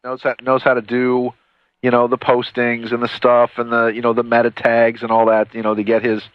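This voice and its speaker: A man's voice: medium pitch, completely flat delivery, normal speed, dry recording. A middle-aged man hosting a call-in radio show, talking in a loose, rambling way with many restarts. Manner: rambling, conversational, frequent restarts. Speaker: radio talk show host. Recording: dull lo-fi radio audio, dry.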